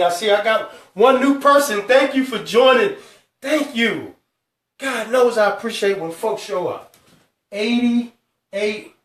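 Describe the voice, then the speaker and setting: A man hosting a live financial talk, stressing each number slowly and calling out to his viewers. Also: sits high, far from the mic. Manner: emphatic, drawn-out numbers, calls out to viewers. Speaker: host. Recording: echoey room, speaker away from mic.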